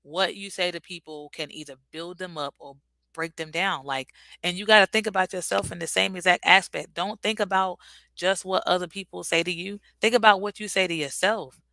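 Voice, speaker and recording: Bright-voiced chatty woman livestreaming. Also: on the low side, steady tone, brisk, vocal fry, dry recording, low-quality recording. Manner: chatty, reads and answers viewer comments. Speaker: livestream host. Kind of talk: casual motivational livestream chat.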